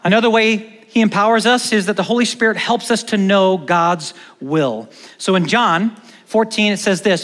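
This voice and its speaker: A man preaching a sermon as pastor, animated, moving between loud stresses and hushed emphatic lines, in a church hall. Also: high voice, moderate pace. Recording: long church-hall reverb.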